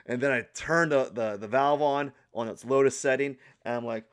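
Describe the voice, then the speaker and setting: Vlogger: young man, mid-range voice, animated, rambly storytelling full of restarts and filler words. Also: mid-range voice, moderate pace. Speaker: art channel vlogger. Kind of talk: casual vlog storytelling.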